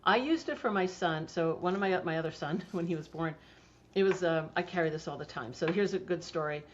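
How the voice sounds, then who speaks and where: A woman's voice: lowish voice, fairly quick, a little hiss or hum. A middle-aged woman, a homeopathy practitioner, talking casually in an interview with chatty storytelling and frequent fillers. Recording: dull lo-fi sound.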